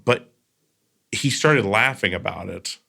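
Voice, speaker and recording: A man's voice: lowish voice, lively intonation, slow pace, creaky, pushed and bright. A man hosting a podcast, telling stories in a casual, earnest way with trailing asides. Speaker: podcast host.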